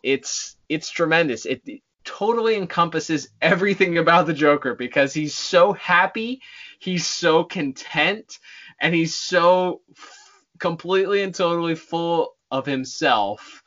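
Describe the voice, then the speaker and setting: An enthusiastic man co-hosting a casual podcast. His voice is bright and forceful at an ordinary pitch, and the audio is muffled and lo-fi. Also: measured pace. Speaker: podcast co-host. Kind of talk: casual chat.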